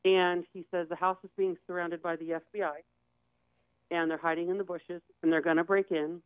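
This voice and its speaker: A woman's voice: on the low side, little pitch movement, brisk, clear, resonant tone, no echo. Woman guest recounting a hard story, plain and candid, thin lo-fi line. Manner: candid, acts out quoted voices. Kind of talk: personal storytelling on a talk show. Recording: tinny phone-like dry sound.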